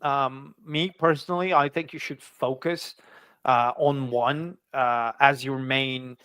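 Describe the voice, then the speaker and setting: A man's voice: mid-range voice, fairly even intonation, slow pace, a bit bright, smooth, dry recording. A man speaking as a guest in a casual interview over a video call. He talks with many fillers and restarts. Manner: hesitant, full of fillers and restarts.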